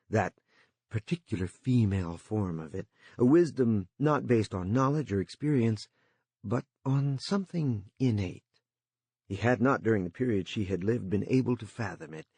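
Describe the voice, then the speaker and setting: A man reading a novel aloud in a measured, expressive narration. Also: fairly low pitch, slightly rough, no echo. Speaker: audiobook narrator. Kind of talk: scripted narration.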